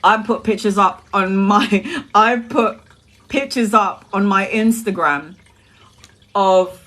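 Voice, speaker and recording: A woman's voice: mid-range voice, measured pace, sharp tone. Chatty woman tarot reader, frequent laughs. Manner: chatty, laughs often, swears casually. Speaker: tarot reader on a live stream. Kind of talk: casual chat to live viewers.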